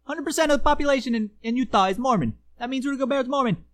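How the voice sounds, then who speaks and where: Woman co-host, comedy podcast; brash, mocking, high voice. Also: very fast. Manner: brash and mocking, exaggerated outrage. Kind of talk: mock trash-talk comedy podcast.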